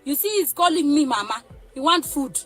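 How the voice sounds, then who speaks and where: A Nigerian woman rants to camera in a very high voice that swings widely. She sounds agitated, threatening and pleading, and faint music plays behind her. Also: expressive, normal speed, fairly bright tone. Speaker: mother. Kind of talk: emotional rant to camera. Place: parked car.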